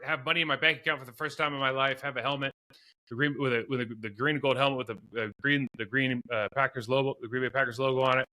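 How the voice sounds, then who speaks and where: A middle-aged man with a very bright, forceful voice tells rambling stories from his football days. He laughs at himself, restarts his sentences and wanders into asides as he goes. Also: medium pitch. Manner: rambling, self-deprecating storyteller with many restarts. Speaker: guest, former pro football player. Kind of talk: storytelling in a podcast interview.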